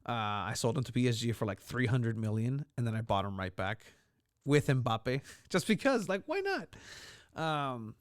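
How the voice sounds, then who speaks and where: A man's voice: medium pitch, big pitch swings. A man, chatting casually about soccer as a podcast co-host, rambling with restarts and laughs. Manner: rambling, halting, laughs often. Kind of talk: casual sports chat.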